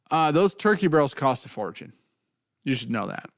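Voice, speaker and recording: A man's voice: on the high side, expressive, moderate pace, dry recording, studio quality. A man hosting a casual whiskey tasting, talking in a loose, joking way with plenty of swearing. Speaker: whiskey show host.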